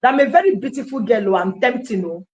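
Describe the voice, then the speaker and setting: A Nigerian woman telling her personal story in an animated testimony style, acting out dialogue and slipping into Pidgin phrases. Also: on the high side, quick pace, highs cut off.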